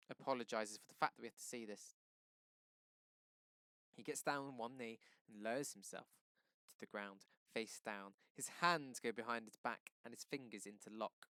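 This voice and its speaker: A male teacher reading a novel aloud for a lesson, steady, with quick self-corrections and asides. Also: medium pitch, dry recording.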